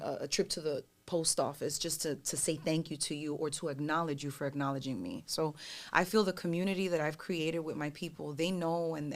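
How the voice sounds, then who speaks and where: Low, gravelly woman telling stories. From New York. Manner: animated storyteller, acts out other people's voices. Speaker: recording artist guest. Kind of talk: casual podcast chat.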